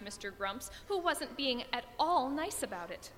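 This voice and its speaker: A woman reading a children's story aloud, expressive and growing soft and low in the calm passages. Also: moderate pace, few pauses, slight background noise. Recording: long reverb with music behind.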